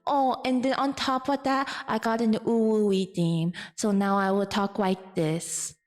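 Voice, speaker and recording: A woman streamer talking through a cutesy voice-changer filter that makes her voice higher and warbly. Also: steady tone, a little slow, long reverb tail. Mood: playful. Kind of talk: casual chat.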